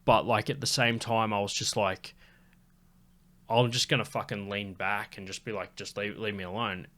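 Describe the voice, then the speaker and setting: A comedian telling a rambling pub story in casual podcast chat, swearing constantly and filling with "like". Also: male voice, lowish voice, steady tone, normal speed, sharp tone. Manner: rambling, heavy swearing, lots of "like".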